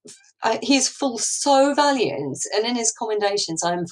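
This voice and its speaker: A man's voice: high-pitched, expressive, moderate pace, voice pushed up, poor audio. A woman doing a breezy, offhand old king.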